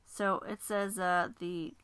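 A woman's voice: lowish voice, little pitch movement, slow pace, noisy background. A woman co-hosting a casual book podcast, chatting and reading passages aloud with wry asides. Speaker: podcast co-host.

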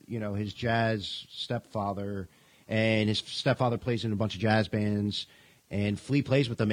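A man with a husky, slightly rough voice talks loosely on a podcast. He rambles, laughs a lot and swears without a care. The sound is close and dry, with no room echo. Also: lowish voice. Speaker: podcast co-host. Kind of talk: casual chat. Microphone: podcast mic.

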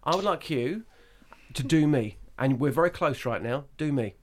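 A man's voice: on the high side, expressive, normal speed, over a noisy crowd. A man co-hosting a radio show, joking around and mocking himself. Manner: self-mocking, jokey. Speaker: radio co-host. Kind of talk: playful studio banter.

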